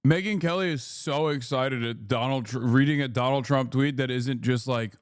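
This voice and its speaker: A man's voice: medium pitch, normal speed, few pauses, no echo, clean studio sound. A male streamer giving sarcastic, profane commentary in a casual live-stream style.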